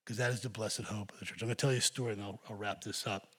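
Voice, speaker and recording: Husky-voiced man preaching. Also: lowish voice, fairly even intonation, racing, fairly bright tone. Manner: earnest, exhorting the congregation. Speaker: pastor. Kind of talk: sermon.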